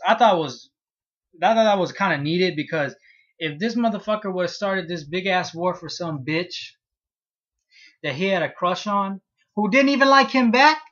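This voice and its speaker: A man's voice: a little high, dull audio. A man casually reviewing a comic chapter, cursing freely and acting out his reactions as he retells it. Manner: profane, animated retelling with acted-out reactions. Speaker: manga reviewer.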